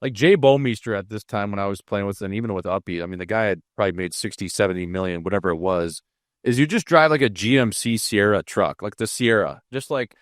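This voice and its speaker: A man's voice: lowish voice, fast talker, dry recording, clean studio sound. A man co-hosting a hockey podcast, telling easygoing, rambling stories about teammates. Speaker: podcast co-host, former hockey player. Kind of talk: casual chat.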